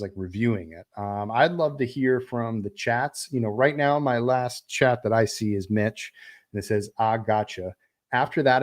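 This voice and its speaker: A man's voice: lowish voice, darkish tone. A man hosting a live stream, chatting casually about a film, rambling with many fillers and restarts. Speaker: livestream host reviewing a film. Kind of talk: casual livestream chat.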